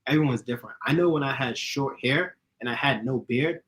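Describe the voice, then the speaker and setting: Giggly fast-talking young man. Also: mid-range voice, a bit bright, low-quality recording. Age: young adult. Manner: fast, giggly, laughs often. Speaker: YouTuber giving dating advice. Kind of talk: casual chat.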